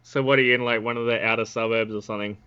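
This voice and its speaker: A man's voice: mid-range voice, fairly even intonation, racing, bright, forceful tone, clean tone, muffled recording. A man chatting on a stream as a guest. He is blunt and joking, and he swears often. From Australia. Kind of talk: casual stream chat.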